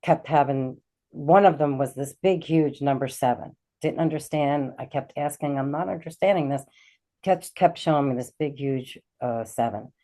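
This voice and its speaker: A middle-aged woman with a low, mellow voice tells a personal story as a talk-show guest. She is animated and slips into the voices of the people she quotes. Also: moderate pace. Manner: animated, acts out quoted dialogue. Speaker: guest, intuitive healer.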